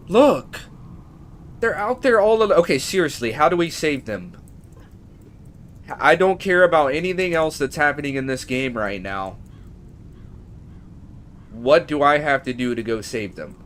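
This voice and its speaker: A man streaming a game live, chatting casually to viewers and getting emotional and excitable, at times nearly shrieking. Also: a little high, a little hiss or hum. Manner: emotional, excitable, shifts from calm to near-shrieking.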